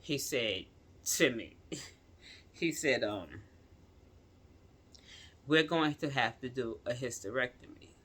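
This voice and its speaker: A woman casually telling her viewers a personal story in slangy speech, swinging from loud outrage to quiet pleading. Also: a bass voice, lively intonation, takes it slowly, pauses often. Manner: slangy, addresses viewers as y'all.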